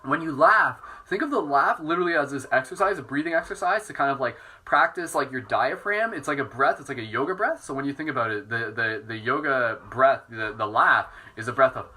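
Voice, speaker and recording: Male meditation teacher, bright tone, relaxed and soft, guiding breath work. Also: mid-range voice, a little fast, few pauses, husky, low-quality recording. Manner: relaxed, soft-spoken, self-mocking. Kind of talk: live guided meditation.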